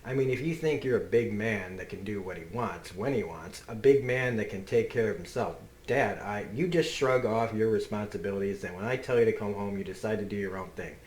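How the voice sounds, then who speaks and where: A man's voice: lowish voice, a little fast, few pauses, a little mellow, lightly acted. A man reading as a bitter, taunting father. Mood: scolding. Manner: taunting, contemptuous. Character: bitter, cruel adult father berating his son. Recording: roomy echo.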